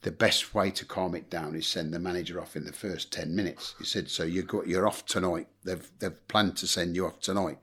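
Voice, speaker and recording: A man's voice: low-pitched, fairly even intonation, a little fast, few pauses, a bit bright, breathy edge. A middle-aged English man, a former football manager, telling blunt anecdotes in a casual interview and acting out quotes. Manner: blunt anecdotal storyteller, swears, acts out quotes.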